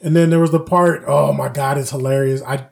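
A man co-hosting a casual podcast, telling stories with lively acted-out quotes. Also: medium pitch, brisk, gravelly. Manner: animated storyteller, acts out quotes. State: recovering from flu. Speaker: podcast co-host. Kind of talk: casual chat.

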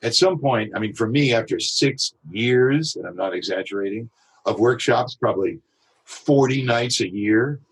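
A man, a voice actor, talking through his craft in a podcast interview, reflective and full of examples. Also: mid-range voice. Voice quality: husky. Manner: reflective, explains with examples and quick imitations. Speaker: voice actor guest.

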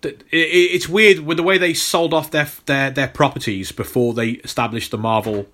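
A bright, forceful-sounding man co-hosting a podcast. He talks in easygoing chat and rambles through explanations with lots of ums and restarted words. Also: medium pitch, steady tone, moderate pace. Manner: rambling, filler-heavy, repeats words. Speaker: podcast co-host. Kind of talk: casual chat.

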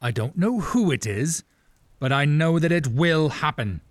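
A king unraveling into madness, his voice leaping wildly between shouts and mutters. It sits a little high and close in a dry space. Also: expressive, unhurried, dry recording. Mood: paranoid. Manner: erratic, shouting, manic. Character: paranoid raging middle-aged king. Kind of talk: audio drama acting.

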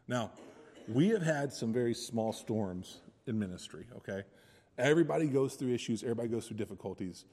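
A man preaching a sermon as a missionary, telling stories in an animated way. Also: mid-range voice, brisk. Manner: animated storytelling. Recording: echoey hall reverb.

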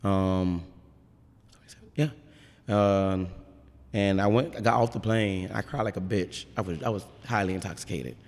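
A man's voice: on the low side, measured pace, long pauses, darkish tone, in a large hall. A man brewer chatting casually in an interview, rambling and frank, swearing freely.

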